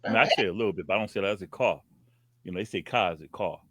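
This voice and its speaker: A man's voice: deep voice, racing, background noise. A man from the Bronx, co-hosting a podcast with a New York accent, playful, laughing often and acting out bits of dialogue. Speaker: podcast co-host. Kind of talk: casual chat.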